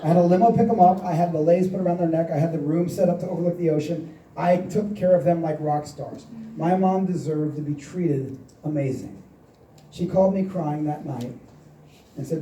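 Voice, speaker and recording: A man's voice: fairly high pitch, a little fast, warm tone, a little hiss or hum. A man in his forties giving a motivational seminar talk, telling stories and acting out the quoted dialogue. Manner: storytelling, acts out quoted dialogue. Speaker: seminar speaker. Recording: echoey hall, mic at a distance.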